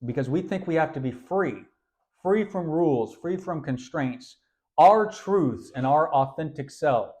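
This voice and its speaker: A man preaching an animated sermon to young people, often repeating words as he goes. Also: fairly high pitch, measured pace.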